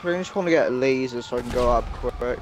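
A man's voice: medium pitch, fast. A man chatting as a teammate in an online game, grumbling and easily irritated. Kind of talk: casual gaming chat. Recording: loud background noise.

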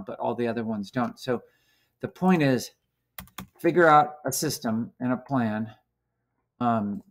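A man teacher talking through a coding lesson on screen, halting and full of fillers. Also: medium pitch. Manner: slow, halting, many fillers.

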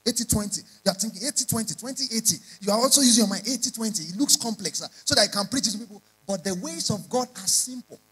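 A man's voice: high-pitched, pushed and bright, breathy edge, poor audio. A man preaching a sermon, emphatic and repeating lines in rising prayer chants. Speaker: pastor.

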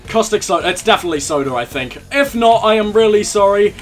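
A man's voice: high-pitched, lively intonation, fast, faint music behind. A young man hosting a let's play, cracking crude jokes in casual gameplay commentary. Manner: joking, crude banter with laughs.

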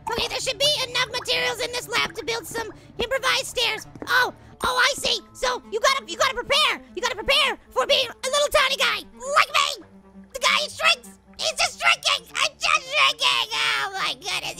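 In a full character voice, a gaming host plays a tiny, whiny, jittery male apple, sounding squeaky and sped-up like a cartoon yet creaky and sharp-toned. He talks at normal speed with faint music behind, frantic and flustered as he commentates a cartoon let's play.

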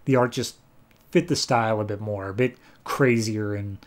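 A man's voice: fairly low pitch, normal speed. A man hosting a comics podcast, giving a chatty, casual review and recapping plots. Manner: chatty, recaps plots and briefly acts out characters.

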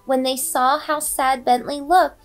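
A woman reading a children's bedtime story aloud with expressive, dramatic storybook delivery. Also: high-pitched, a little slow. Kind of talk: bedtime read-aloud narration. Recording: faint background music.

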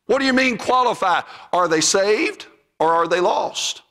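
A man's voice: sits high, expressive, measured pace, bright, forceful tone, long reverb tail. A man with a Southern US accent, teaching evangelism in a church in a folksy, emphatic sermon style, now and then raising his voice. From Southern United States.

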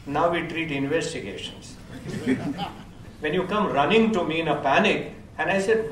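A man's voice: fairly high pitch, animated, measured pace, a bit bright, slight background noise. An older man giving a lecture, telling wry anecdotes and chuckling often. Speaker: pediatrics professor. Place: lecture hall. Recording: echoey hall from far off. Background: audience laughter.

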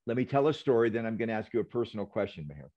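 A man's voice: fairly low pitch, lively intonation, racing, highs cut off. A man speaking as an interview guest in an earnest, reflective way, telling stories over a video call. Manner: earnest, reflective, tells stories with quoted dialogue. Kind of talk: interview conversation.

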